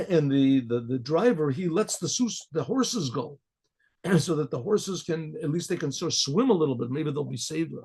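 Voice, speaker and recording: Husky rabbi telling a story. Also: male voice, a little high, darkish tone, low-quality recording. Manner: clears throat often, stumbles and repeats words. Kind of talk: casual oral storytelling.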